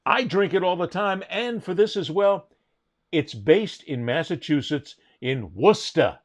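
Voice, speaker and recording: A man's voice: sits high, measured pace. A man co-hosting a sports podcast, reading plugs and joking in casual chat. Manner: animated, jokey promo patter. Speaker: podcast co-host.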